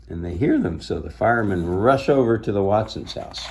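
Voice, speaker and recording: A man's voice: on the low side, animated, normal speed, vocal fry, few pauses, darkish tone, muffled recording, slight background noise. A man reading a children's book aloud, stopping to chat and explain things to young listeners. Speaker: storybook reader.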